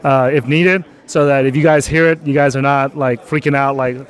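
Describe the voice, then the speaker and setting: A man's voice: mid-range voice, steady tone, moderate pace. A man hosting a casual interview outdoors at a conference, loose and jokey with many fillers. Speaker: channel host.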